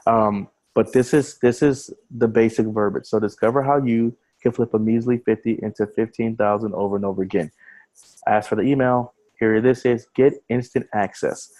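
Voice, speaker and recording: A man's voice: lowish voice, steady tone, moderate pace, a little mellow, low-quality recording. A man giving a casual screen-share webinar walkthrough as an online marketing trainer. He talks over a video call, often repeating words and restarting phrases as he explains.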